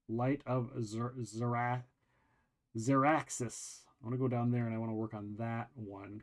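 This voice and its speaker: A man hosting a show, casually chatting while walking through a video game, rambling with many pauses and restarts. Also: mid-range voice. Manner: rambling, relaxed, lots of ums and restarts. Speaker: show host. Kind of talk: casual game walkthrough chat.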